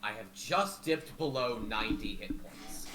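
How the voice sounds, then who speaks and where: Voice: mid-range voice, unhurried, noisy background. A tabletop game player who teases the others and swears casually. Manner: teasing, expressive, swears casually.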